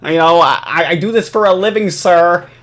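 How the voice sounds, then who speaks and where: A man's voice: high-pitched, normal speed, fairly bright tone, pitched above the performer's own voice. A man putting on a smug, condescending know-it-all who corrects everyone's terms. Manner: condescending, pedantic.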